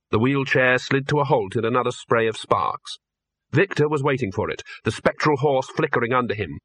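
Man narrating an audiobook, bright crisp tone, very dry sound, measured. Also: mid-range voice, dry recording.

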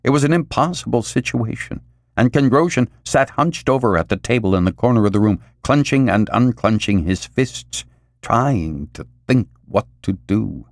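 A man reading a novel aloud as an audiobook narrator, measured and expressive, with dramatic pauses. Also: medium pitch, no echo, studio quality. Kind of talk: scripted narration.

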